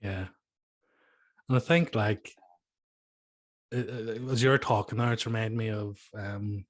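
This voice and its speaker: Young adult male host, low even voice, hesitant and thoughtful, dry close sound. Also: no echo. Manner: thoughtful, hesitant, many fillers and restarts. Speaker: podcast host. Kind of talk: conversational interview.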